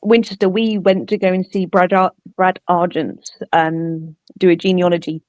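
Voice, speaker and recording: A woman's voice: fairly low pitch, flat delivery, normal speed, darkish tone, no room sound. An English woman speaking as a medium and guest in a casual chat, patiently explaining her ideas in an earnest way. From England. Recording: dull lo-fi line, dry.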